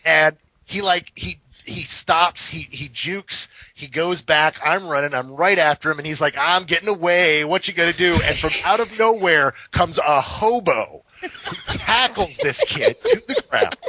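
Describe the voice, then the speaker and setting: Bright-voiced man telling a profane story. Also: on the high side, unhurried, a little hiss or hum. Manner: animated, profane, acts out every person in the story. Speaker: podcast co-host. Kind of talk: casual storytelling. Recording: slightly dull, dry recording.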